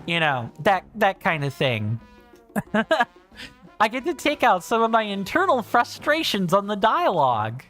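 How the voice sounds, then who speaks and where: A man's voice: sits high, huge pitch swings, a little slow, pushed and bright, soft background music. A man chatting casually and rambling while livestreaming a video game, thinking aloud and restarting sentences. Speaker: streamer. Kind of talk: casual livestream chat over gameplay.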